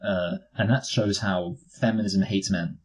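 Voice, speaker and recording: Low husky man joking about films. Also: fairly even intonation, measured pace, low-quality recording. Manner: joking, jumps into impressions. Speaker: podcast co-host. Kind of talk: casual film review chat.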